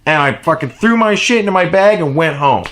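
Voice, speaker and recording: A man in his late thirties rambling through a profane story in a casual vlog, laughing often and swinging between low mumbles and loud outbursts. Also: animated, brisk. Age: 30s. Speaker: vlogger.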